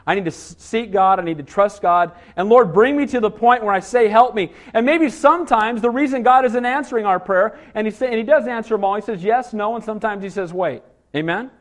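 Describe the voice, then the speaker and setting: A man preaching a sermon, a father of small children, full of rhetorical questions and frequent calls of "Amen?" to the congregation. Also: high-pitched. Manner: call-and-response, asks "Amen?" often; rhetorical questions, rising to emphatic cries. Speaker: pastor.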